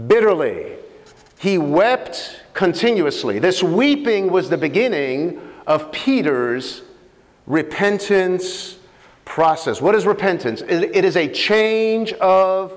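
A man preaching a sermon, reading scripture aloud with expressive, dramatic pauses. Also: high-pitched. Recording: long hall reverb.

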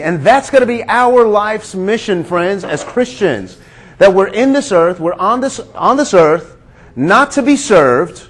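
A man's voice: high voice, expressive, a little slow, low-quality recording. A male preacher giving a sermon, emphatic, repeating key lines and asking for amens.

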